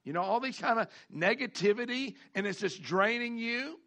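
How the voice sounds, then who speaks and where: Male pastor, high bright voice, folksy sermon delivery with call-and-response. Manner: folksy preaching with call-outs, repeats and drawn-out emphasis.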